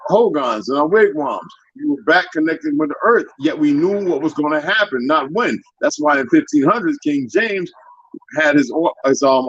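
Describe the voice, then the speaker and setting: A man's voice: on the high side, fairly bright tone, no echo, lo-fi sound. A man lecturing in a casual talk-show chat, full of his own theories. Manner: lecturing, talks about himself as a linguist. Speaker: guest.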